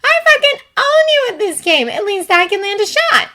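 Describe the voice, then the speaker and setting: A woman voicing a snarky, teasing young gamer friend who talks loudly and mockingly in a fanfiction audio reading. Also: very high-pitched, very animated, moderate pace, pitched above the performer's own voice, heavily acted. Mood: competitive. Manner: loud, mocking, brash.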